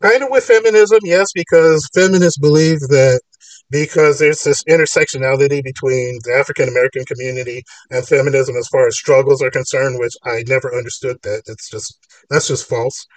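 A man's voice: mid-range voice, brisk, dry recording, distant mic, low-quality recording. A man hosting a call-in podcast, arguing his points in long rambling runs. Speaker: podcast host. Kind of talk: casual call-in talk.

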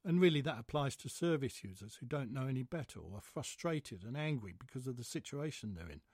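Husky man, wry storyteller. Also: medium pitch, animated, fairly quick, darkish tone, no room sound, clean studio sound. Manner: wry, gossipy, sardonic storytelling. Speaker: audiobook narrator. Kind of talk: first-person scripted narration.

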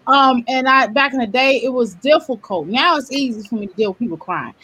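A woman in casual panel chat, animated and quick to laugh, acting out what she says to people. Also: on the high side, husky. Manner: animated, laughs easily, acts out quotes.

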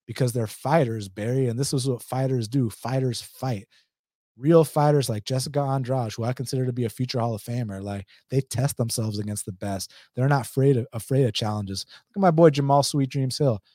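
Atlanta guy on a stream, mellow dark voice, dry close mic, blunt and slangy. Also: mid-range voice, brisk, no room sound. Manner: blunt, slangy, laughs often. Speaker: MMA betting livestream host. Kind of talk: casual livestream chat reading viewer comments.

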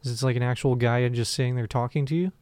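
A man's voice: mid-range voice, fairly even intonation, fast, darkish tone, no room sound. A man co-hosting a podcast in casual, profane chat, laughing often. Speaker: podcast co-host.

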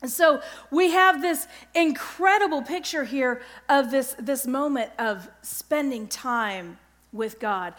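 A middle-aged woman giving an earnest devotional Bible teaching, often pausing to check in with her listeners. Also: sits high, a bit bright. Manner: earnest, keeps checking in with "okay?".

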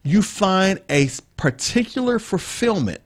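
A man's voice: high voice, very animated, measured pace. A man co-hosting a relationship talk show, explaining ideas in a preachy style that circles back and repeats key points. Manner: preachy, explains with repetition and asides. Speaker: podcast co-host. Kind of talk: casual teaching talk.

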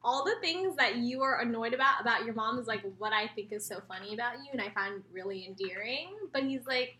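High-pitched woman co-host with a sharp, bright tone, telling stories with energy. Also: fast, few pauses, reverberant. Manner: energetic storytelling, acts out quotes. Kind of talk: casual chat.

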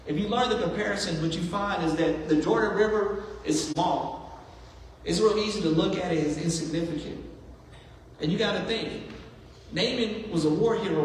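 Pastor, male, higher voice, conversational sermon, picked up from a distance in a reverberant church. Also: slight background noise. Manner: conversational preaching with acted-out asides. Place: church sanctuary. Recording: echoey hall from far off.

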